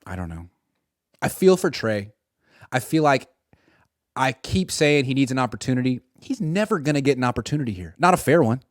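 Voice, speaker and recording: Brief: a lively, sarcastic man riffing on football, his voice swinging all over, recorded close and dry. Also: medium pitch, a little fast, no echo. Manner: animated and sarcastic, acts out imagined dialogue. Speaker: sports commentator. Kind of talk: sports commentary monologue.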